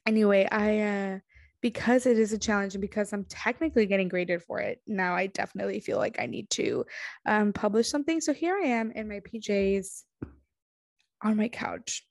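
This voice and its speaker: A woman's voice: mid-range voice, normal speed, vocal fry, darkish tone, no echo, studio quality. A young woman hosting her own podcast alone, sleepy, chatting casually with lots of fillers and self-deprecating restarts. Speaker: podcast host. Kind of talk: casual solo podcast monologue. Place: home, on a couch.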